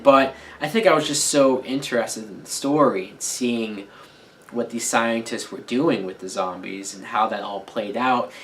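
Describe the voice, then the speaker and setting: A man's voice: mid-range voice, fairly bright tone, low-quality recording. Candid, rambling male movie reviewer. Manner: candid, rambling, with casual swearing. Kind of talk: casual spoken film review.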